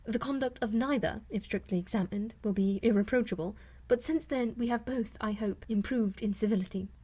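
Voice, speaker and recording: A woman voicing a spirited, candid young lady in an audiobook, speaking in a lively, earnest manner. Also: on the high side, fairly quick, breathy edge. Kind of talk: audiobook character reading.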